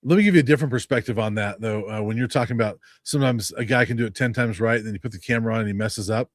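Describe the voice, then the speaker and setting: A man who covers college football as a beat writer, explaining his view as a guest in a calm, measured way. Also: lowish voice, no echo, clean studio sound. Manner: measured, explanatory, many fillers. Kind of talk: sports analysis, casual.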